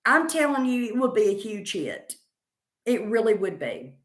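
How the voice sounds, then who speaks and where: A woman's voice: a little high, sing-song, moderate pace, reverberant. A woman comedian with a Southern accent, chatting casually in a rambling, confident way while answering viewer comments. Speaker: stand-up comedian.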